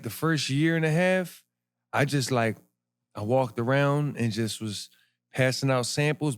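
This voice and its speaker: A man, a podcast guest telling his story in animated street slang. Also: medium pitch. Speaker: podcast guest, clothing brand founder. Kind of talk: casual interview storytelling.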